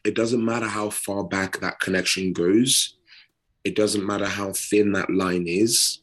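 A British man with a very low, deep voice talks on a casual podcast. He speaks earnestly and unhurriedly, leaning into pauses and repeating words as he builds his point. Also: fairly even intonation, a bit bright. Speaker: podcast co-host.

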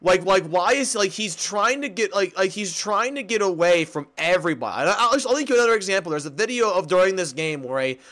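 A young man co-hosting a casual sports podcast, excitable and giggly, tripping over and repeating his words. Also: high voice, brisk, hardly any pauses. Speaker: podcast co-host.

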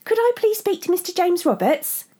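A woman's voice: very high-pitched, sing-song, normal speed, warm tone, voice pushed up. A woman voicing a chirpy, formal female recruiter on the phone in a story reading.

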